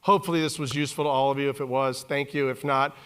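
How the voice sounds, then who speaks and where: A man in his forties giving a live keynote talk on a conference stage, animated and joking with the audience. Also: mid-range voice, fast talker, clear, resonant tone. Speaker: keynote speaker.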